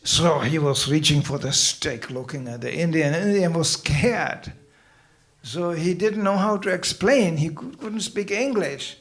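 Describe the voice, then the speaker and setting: A man's voice: a little high, measured pace, fairly bright tone. A man giving a festival sermon, telling stories animatedly with acted voices and teasing, humorous asides. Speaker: spiritual teacher.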